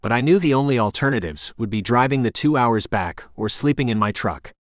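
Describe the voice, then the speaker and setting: Steady male audiobook narrator, dry close sound. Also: medium pitch, a little fast, no echo. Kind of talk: scripted narration.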